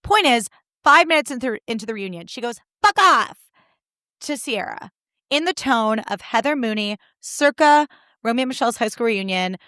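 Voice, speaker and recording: A young woman hosting a solo podcast, recapping reality TV in animated, indignant, sarcastic talk with plenty of swearing. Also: a little high, fairly quick, no room sound, clean studio sound. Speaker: podcast host.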